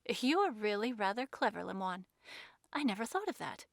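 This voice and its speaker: Unflappable, teasing gentleman with a light touch, read by a woman. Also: medium pitch, big pitch swings, moderate pace, vocal fry, no room sound, studio quality. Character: cool, amused, unflappable gentleman suspect.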